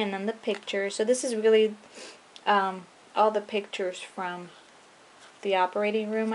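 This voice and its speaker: A young woman casually walking through her handmade scrapbook album, chatty and relaxed, with frequent ums and trailing-off phrases. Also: mid-range voice, a little hiss or hum. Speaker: scrapbooking vlogger. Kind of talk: casual show-and-tell walkthrough.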